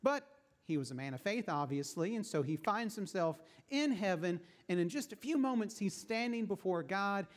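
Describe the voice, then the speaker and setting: Guy pastor telling a story in his sermon, chatty, voice a bit on the high side. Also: expressive, normal speed. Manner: storytelling, conversational.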